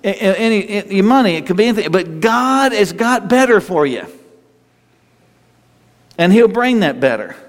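A man's voice: big pitch swings, moderate pace, pauses often. Earnest preacher man in a reverberant hall. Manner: earnest, repeats and restarts, swings up and down in pitch. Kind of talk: sermon. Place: church hall.

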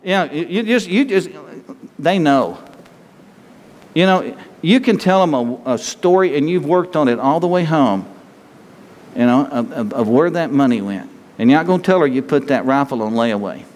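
A man's voice: fairly high pitch, expressive, moderate pace, darkish tone, big-room sound. A man preaching a sermon to his congregation in a folksy, joking manner, talking straight to the people in front of him. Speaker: pastor.

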